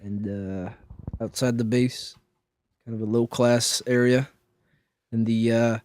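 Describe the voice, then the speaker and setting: A man co-hosting a casual comedy chat, telling stories in a deadpan, mock-serious way. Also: mid-range voice, slow pace. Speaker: podcast co-host.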